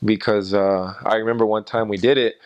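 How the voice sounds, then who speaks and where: A young man casually telling stories about his time as a missionary, rambling with many pauses and fillers. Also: on the low side, fairly even intonation, smooth. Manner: rambling, frequent "uh" and "and so". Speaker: former missionary. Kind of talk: casual storytelling.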